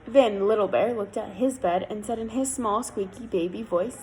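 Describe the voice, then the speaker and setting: A woman storyteller reading a fairy tale aloud in an expressive, lilting way. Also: a little high, moderate pace, hardly any pauses, low-quality recording.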